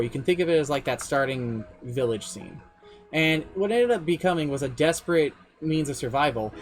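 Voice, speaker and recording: A man streaming, casually recounting his tabletop campaign as game master in a rambling, self-deprecating way. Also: a little high.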